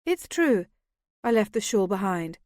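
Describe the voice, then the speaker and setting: A woman voicing a calm, unruffled young noblewoman in an audiobook. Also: medium pitch, measured pace, no room sound, clean studio sound. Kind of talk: audiobook character voice.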